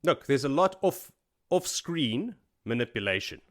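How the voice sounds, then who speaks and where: Mid-pitched man making emphatic remarks. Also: sing-song, a little slow, a bit bright. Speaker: podcast co-host. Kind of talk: casual book discussion.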